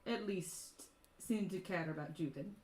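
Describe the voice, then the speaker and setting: A woman voicing a guarded, deadpan woman who hides underground in a tabletop game, speaking in a blunt, flat way. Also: on the low side, measured pace, echoey room, close to an everyday voice. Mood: pleading.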